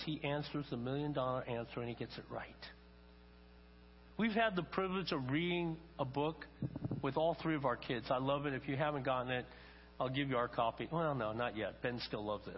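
An older man preaching a sermon, telling stories and acting out quotes with rising emphasis. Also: mid-range voice. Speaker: pastor. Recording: long reverb, dull lo-fi sound, faint mains hum.

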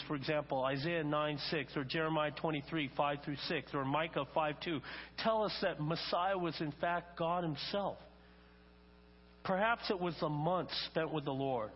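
Older guy preaching, kinda high voice, muffled recording with a faint hum behind. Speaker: pastor. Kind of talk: sermon. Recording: long reverb, dull lo-fi sound, faint mains hum.

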